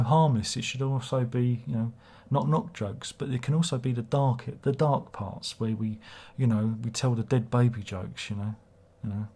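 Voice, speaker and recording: Husky, mellow man rambling. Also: medium pitch. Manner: rambling, sweary, reads viewer comments aloud. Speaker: livestream host. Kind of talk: casual livestream chat.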